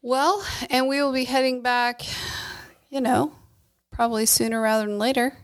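A woman's voice: fairly high pitch, fairly even intonation, moderate pace. A woman co-hosting a podcast, chatting casually and agreeably, often chiming in with short replies. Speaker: podcast co-host. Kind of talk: casual chat.

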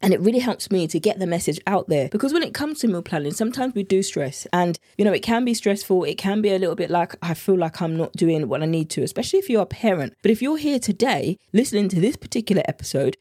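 A woman's voice: mid-range voice, animated, fast, hardly any pauses, mellow, slightly rough, no room sound, clean studio sound. A British woman hosting her own podcast as a meal planning coach, talking in an earnest, heartfelt, chatty way. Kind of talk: solo podcast talk.

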